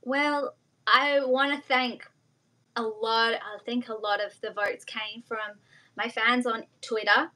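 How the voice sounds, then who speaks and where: A woman's voice: fairly high pitch, fairly even intonation, slow pace, bright, forceful tone, low-quality recording. A woman singer, a guest chatting in a bubbly, giggly way on a live video call interview. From Australia. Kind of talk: casual live interview chat.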